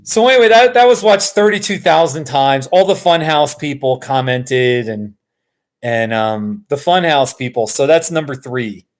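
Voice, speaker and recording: An American man from Colorado chatting casually with his viewers on a live stream, excitable and chuckling often. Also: mid-range voice, unhurried. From Colorado, USA. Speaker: YouTuber hosting a live stream.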